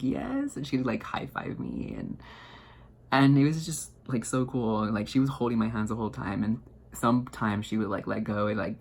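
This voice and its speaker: A young man telling a story to his viewers in an excited, rambling way, full of fillers and restarts. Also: on the low side, vocal fry, husky. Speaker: vlogger. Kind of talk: casual storytelling to camera.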